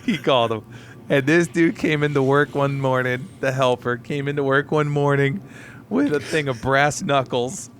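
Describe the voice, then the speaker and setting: A man's voice: medium pitch, moderate pace, fairly bright tone, slight background noise. A man co-hosting a podcast, a delivery driver rambling through helper stories in casual chat with plenty of swearing. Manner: rambling, profane storyteller.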